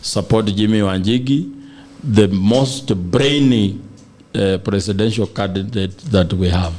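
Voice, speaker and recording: A man's voice: on the low side, a little slow, darkish tone. A man with a Kenyan accent, a political guest on a podcast, arguing emphatically and mixing Swahili into his English. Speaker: political guest, senatorial aspirant. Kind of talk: animated political podcast debate.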